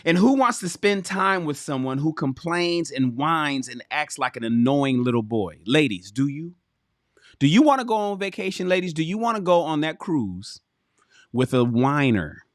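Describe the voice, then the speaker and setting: A man's voice: fairly high pitch, normal speed, no echo, clean studio sound. A man hosting a livestream, reading aloud from a relationship book and breaking off into blunt, profane commentary aimed straight at his viewers. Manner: animated, profane, emphatic, addresses chat directly.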